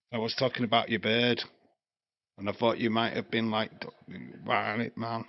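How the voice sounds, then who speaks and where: A man's voice: on the low side, no room sound. Crude joking man in his fifties. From England. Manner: crude joking, rambling, laughs often. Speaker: live stream host. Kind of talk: casual live watch-along chat. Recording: dry, slightly dull stream mic.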